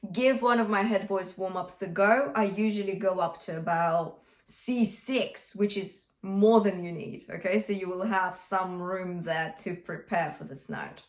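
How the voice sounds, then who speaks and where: Encouraging woman vocal coach, roomy sound. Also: medium pitch. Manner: encouraging, breaks into sung examples. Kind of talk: singing lesson with sung demonstrations. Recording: roomy echo.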